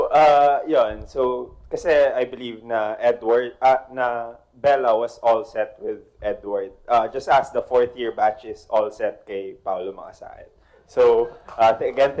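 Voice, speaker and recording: A man's voice: medium pitch, steady tone, unhurried, darkish tone. A young Filipino man speaking as a student candidate, laughing a lot and switching between English and Tagalog. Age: young adult.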